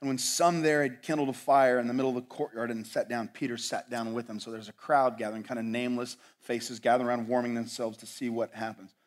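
A man preaching a sermon as pastor, swinging from loud, dramatic lines to hushed ones and asking his listeners rhetorical questions. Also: medium pitch, level tone, fast talker, hardly any pauses. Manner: asks the audience rhetorical questions.

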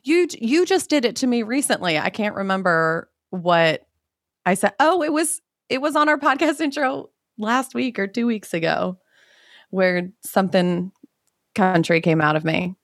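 A woman's voice: medium pitch, lively intonation, normal speed, dry recording, clean studio sound. A woman from Maryland co-hosting a podcast, chatting casually and teasing with easy laughs. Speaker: podcast co-host.

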